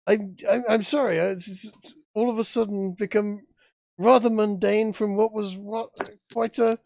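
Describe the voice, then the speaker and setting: A man's voice: high-pitched, steady tone, normal speed, gravelly, a little mellow, no room sound, pitched above the performer's own voice. A man doing a flustered posh governor. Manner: stammering, shaken, fussy and formal. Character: flustered posh male town governor in a wig. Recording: dull lo-fi dry sound.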